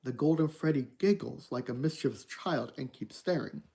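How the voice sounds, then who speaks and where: A streamer narrating an interactive horror book for an online audience. The voice has a mellow, darker tone, and the reading is steady and even. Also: medium pitch, normal speed, vocal fry. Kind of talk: reading a story aloud on stream.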